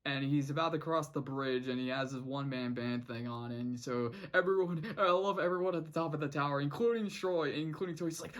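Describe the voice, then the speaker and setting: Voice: medium pitch, fairly quick, hardly any pauses, fairly bright tone. A cartoon reviewer recapping an episode in a casual vlog, rambling with many restarts and quoting the characters' lines.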